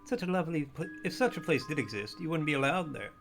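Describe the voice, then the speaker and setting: A man voicing a sweet-voiced, evasive woman librarian in a video game, talking softly and primly. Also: a little high, expressive, fast, gravelly, music in the background, pitched above the performer's own voice. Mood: sweetly evasive. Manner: soft, prim, sugary and guarded.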